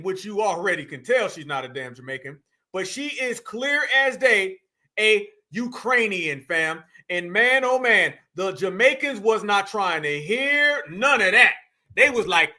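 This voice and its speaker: American male commentary host with a very high, piercingly bright voice; emphatic, repeats himself, calls his viewers fam. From United States. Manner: emphatic, repeats phrases, addresses the audience as fam. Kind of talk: casual reaction commentary.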